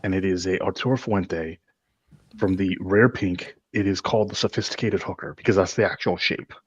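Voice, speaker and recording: A tipsy man joins in casual panel banter, loose and quick to swear. His voice sits low with a husky grain. The sound is dry and close. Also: fairly even intonation, dry recording, dull audio.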